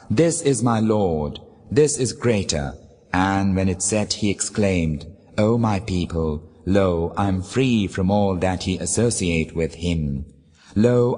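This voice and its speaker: A man giving a solemn, measured reading of scripture in a formal, unhurried manner. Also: on the low side, a little mellow. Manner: slow, measured, formal delivery. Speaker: scripture reader. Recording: long reverb.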